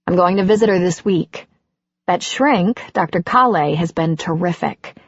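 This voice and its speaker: A woman's voice: on the low side, moderate pace, husky, no room sound, highs cut off. A woman reading an audiobook and voicing a breezy, upbeat middle-aged woman. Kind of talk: audiobook character voice.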